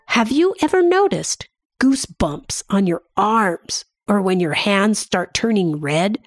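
Woman, children's mindfulness teacher, gentle, sing-song, unhurried. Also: mid-range voice, big pitch swings, no echo, soft background music. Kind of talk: guided mindfulness lesson for kids.

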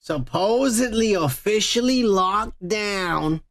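High-pitched, gravelly podcast host. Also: male voice, lively intonation, slow, fairly bright tone. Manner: profane, blunt, joking. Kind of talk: casual podcast chat.

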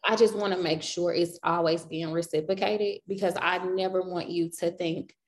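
A woman's voice: fairly low pitch, fairly even intonation, moderate pace, a little hiss or hum. A woman co-hosting a podcast, chatting casually and affectionately with slang. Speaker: podcast co-host. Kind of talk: casual chat.

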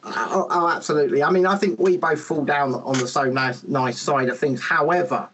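A man hosting a casual podcast chat, animated and rambling, with lots of restarts, on a podcast microphone. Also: a little high, normal speed, slight background noise, rough recording.

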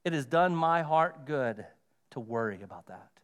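A man's voice: a little high, lively intonation, moderate pace, clean tone, voice pushed down, lightly acted. A male pastor voicing an anxious churchgoer who frets over money and complains. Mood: fretful.

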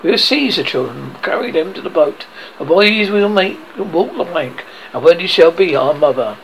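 A hot-tempered pirate captain bellows in grand, theatrical bursts, as a man reads him aloud. The voice climbs high and swings wildly, with a gravelly edge. A faint hiss sits behind it. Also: animated, moderate pace, low-quality recording. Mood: scheming. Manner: loud, ranting theatrical bursts.

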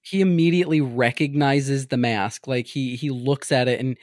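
A speaker with a mid-range voice talks through a book recap, reacting with animated disbelief at the characters' choices. The recording is dry and close-miked. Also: medium pitch, normal speed, no echo. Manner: animated, incredulous commentary on the plot. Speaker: podcast co-host. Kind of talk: casual book-recap chat.

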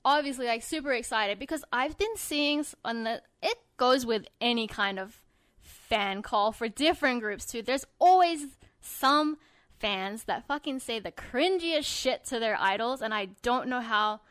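A young woman with a higher-pitched voice co-hosts a casual podcast. She talks in an animated way, swears freely and retells stories. The sound is dry and close. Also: a little slow, smooth, no room sound. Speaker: podcast co-host. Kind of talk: casual chat.

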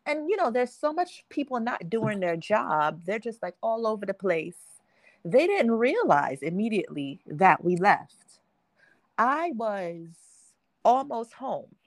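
Woman, podcast host, casual storytelling, animated, laughs a lot, dry sound. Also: a little high, slow pace, no echo. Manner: animated, acts out quotes, laughs often.

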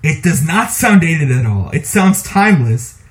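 A man co-hosting a podcast, talking casually about movies in an animated, opinionated way and laughing often. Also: on the high side, unhurried. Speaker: podcast co-host.

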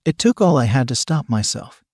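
A man reading a first-person story aloud in a calm, measured, coldly sly manner. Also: mid-range voice, slightly rough, dry recording, studio quality.

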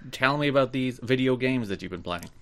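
A man hosting a podcast in casual chat, teasing his co-host with dry, deadpan banter. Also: mid-range voice, brisk.

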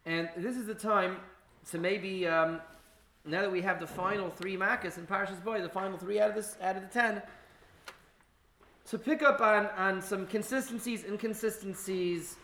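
A man's voice: high-pitched, fairly even intonation, normal speed, bright, forceful tone, slight background noise. A man teaching an informal Torah class at an indoor gathering, speaking in a conversational way full of fillers and restarts.

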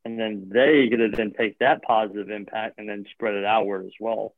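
A man's voice: lowish voice, fairly even intonation, normal speed, dry recording. A man talking casually as a guest, rambling with lots of filler words and restarts. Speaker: gym owner or coach. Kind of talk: casual chat. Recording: tinny phone-like line, dry.

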